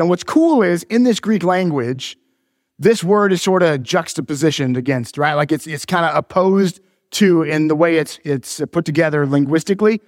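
A man's voice: a little high, no echo, studio quality, long reverb tail. A pastor in his forties, preaching a sermon in a church, mixing joking teases with earnest preaching. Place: church sanctuary.

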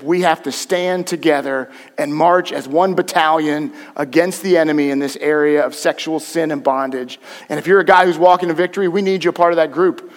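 A man preaching a sermon as pastor, direct and conversational with his congregation, swinging between hushed and loud emphasis. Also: fairly high pitch, in a large hall. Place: church sanctuary.

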